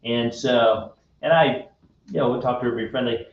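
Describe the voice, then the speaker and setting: A man's voice: medium pitch, moderate pace, dull audio. Man, radio host, storytelling, friendly, distant mic, echoey room. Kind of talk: casual faith-based chat.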